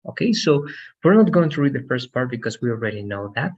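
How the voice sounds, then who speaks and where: A man's voice: medium pitch, big pitch swings, quick pace, dull audio. A man teaching an English lesson on a video call, explaining patiently and often checking with "right?". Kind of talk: online language lesson.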